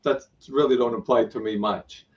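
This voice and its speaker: A man's voice: mid-range voice, steady tone, normal speed, recorded from a distance, muffled recording. A man, a spiritual teacher and guest, telling his story animatedly and acting out what people said to him. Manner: retells events with repeated "I go" and acted-out quotes.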